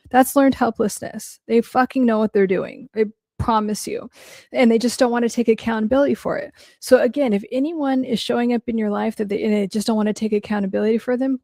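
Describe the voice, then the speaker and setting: A woman's voice: a little high, creaky, mellow, no room sound, studio quality. A woman hosting a casual livestream Q&A and answering viewer questions in a chatty, blunt way, with lots of "like" and an odd curse for emphasis.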